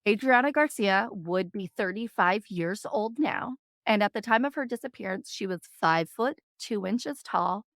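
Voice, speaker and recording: A woman's voice: medium pitch, lively intonation, moderate pace, creaky, few pauses, a bit bright, dry recording, studio quality. A woman co-hosting a true crime podcast, reading case details and chatting with emphatic agreement. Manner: reads case notes, then chats with emphatic agreement. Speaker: podcast co-host.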